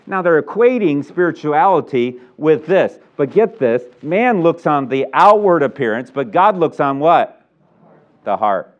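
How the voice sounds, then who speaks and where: A man preaching in a church with a lively, swooping delivery and a fairly high voice. He acts out the scene he describes, with sound effects and put-on voices. The recording is dull and lo-fi. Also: moderate pace. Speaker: pastor. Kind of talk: sermon.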